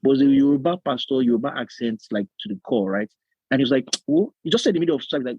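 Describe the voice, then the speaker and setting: A man with a Nigerian accent, co-hosting a podcast and telling stories in animated casual chat, laughing often and slipping into Nigerian slang. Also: medium pitch, racing, slightly rough, dry recording, lo-fi sound. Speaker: podcast co-host.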